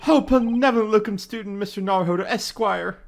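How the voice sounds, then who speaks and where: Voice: mid-range voice, fast, gravelly, slight background noise, pitched above the performer's own voice, close to an everyday voice. A player reading a game's anxious, melodramatic young male scholar, wailing and exclaiming theatrically. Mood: effusive.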